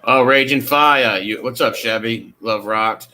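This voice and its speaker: Bright-voiced excitable male streamer. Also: mid-range voice, unhurried. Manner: excitable, swears freely. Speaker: streamer commenting on footage. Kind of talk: casual profane commentary.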